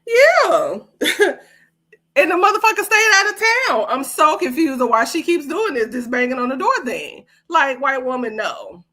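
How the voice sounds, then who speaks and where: Brief: a woman host with a bright, forceful voice, sassy and profane, chatting live. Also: high voice, very animated, measured pace. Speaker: podcast host. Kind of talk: casual livestream commentary.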